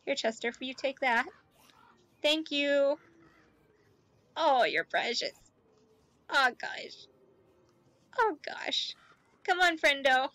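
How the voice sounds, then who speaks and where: A woman giving chatty let's play commentary, talking to game characters and gushing excitedly. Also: high-pitched, takes it slowly, long pauses, no room sound. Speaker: gaming YouTuber.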